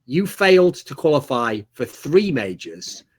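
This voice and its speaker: A man's voice: mid-range voice, sing-song, a little slow, breathy edge. A man voicing a coaxing team leader talking a teammate into returning. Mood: persuasive. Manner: coaxing, persuasive. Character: persuasive male team leader, smooth talker.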